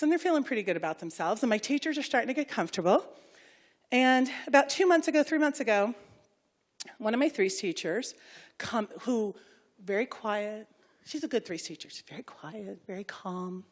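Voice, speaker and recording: A woman giving a talk as a preschool director, telling a story and acting out the voices of the people she quotes. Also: a little high. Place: public hall.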